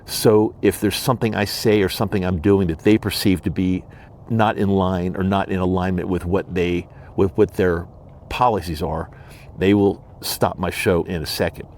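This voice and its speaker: A low-voiced man talks alone into his podcast microphone, earnest and emphatic, coming back to his points again and again. A faint hiss of noise sits under his voice. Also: steady tone, normal speed, a little mellow. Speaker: podcast host. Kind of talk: solo monologue. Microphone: studio microphone and camera.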